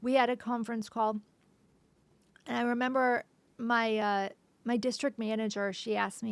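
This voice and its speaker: A woman being interviewed as a podcast guest, retelling a painful personal story haltingly, with restarts and frequent drops to a soft whisper. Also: on the high side, flat delivery, vocal fry, dry recording.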